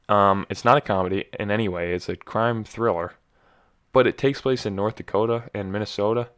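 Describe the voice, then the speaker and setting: A man's voice: lowish voice, fairly even intonation, fairly quick, a bit bright, clean tone. A young man hosting a casual solo podcast, rambling and joking, often stumbling and correcting himself. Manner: rambling, self-correcting, jokey. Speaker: podcast host.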